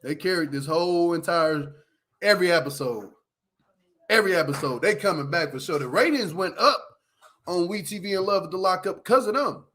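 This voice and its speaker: A man's voice: sits high, animated, moderate pace, a bit bright. A man hosting a casual livestream, reviewing a reality show, laughing often as he retells scenes with lots of slang.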